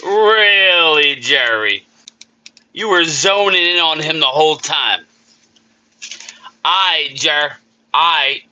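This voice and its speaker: Bright slow-talking streamer man. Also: high-pitched, low-quality recording. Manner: upbeat, greets viewers by name, repeats himself. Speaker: livestream host. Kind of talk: casual live chat reading viewer names.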